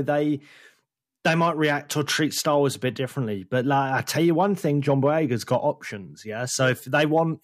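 A man's voice: on the high side, no echo, studio quality. A man co-hosting a casual podcast chat, chatty and calling his co-host "mate". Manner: chatty, says "mate" often.

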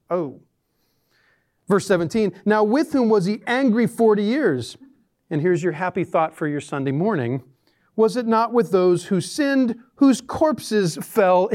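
A man preaching a sermon, reading scripture and telling jokes in an animated, dramatic way. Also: high-pitched. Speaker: pastor.

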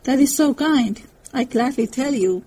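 A woman reading aloud, voicing an earnest, gentle German professor who speaks with formal, halting phrasing. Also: high-pitched, lively intonation, low-quality recording.

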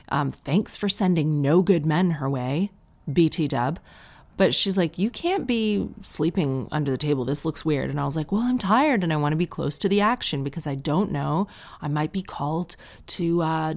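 A woman with a low voice and a gravelly edge talks to her listeners in a casual comic monologue. She sounds tired, and she jokes about herself with quick asides. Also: a little mellow. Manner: chatty, joking and self-deprecating with quick asides.

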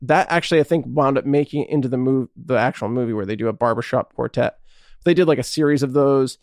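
A man's voice: mid-range voice, fast, darkish tone, no room sound. List: man, casual podcast chat, enthusiastic, rambling, swears, dry room. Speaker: podcast co-host.

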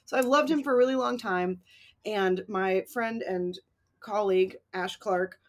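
A woman's voice: medium pitch, a little slow. A woman co-hosting a podcast, talking about films in a casual, wry, self-deprecating way with plenty of swearing. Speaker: podcast co-host. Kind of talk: casual film chat.

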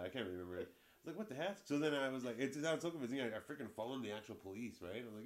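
A man rants through a story in a casual chat. His pitch is lively, and he swears freely as he acts out other people's lines. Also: rapid-fire, a loud crowd.

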